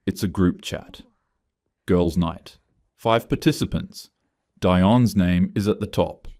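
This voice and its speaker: A man's voice: sits low, slow pace, mellow, dry recording, studio quality. A man narrating a first-person story in a tense, confessional way.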